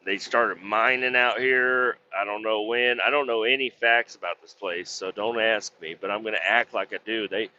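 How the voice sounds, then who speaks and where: A man's voice: lowish voice, fairly even intonation, moderate pace, hardly any pauses, pushed and bright, dull audio, a little hiss or hum. A man driving a truck, telling rambling, profane stories in a casual vlog from inside the cab. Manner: profane, rambling storyteller with mimicked voices. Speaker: truck driver vlogger.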